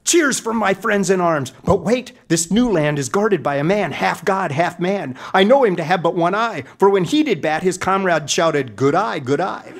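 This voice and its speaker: A man's voice: sits high, animated, normal speed, hardly any pauses. A middle-aged man telling a comic story in a grand, mock-epic manner. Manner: mock-epic, dramatic delivery.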